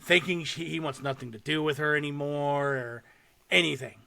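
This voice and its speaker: A young man hosting a podcast, casually and excitedly retelling a short horror film with swearing and laughter. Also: a little high, moderate pace, vocal fry. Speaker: podcast host. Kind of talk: casual chat.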